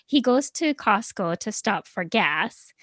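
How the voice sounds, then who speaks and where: A woman guest on a podcast interview, telling her story in a lively, casual way. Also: mid-range voice, slow pace, no room sound, studio quality. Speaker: guest, small business owner.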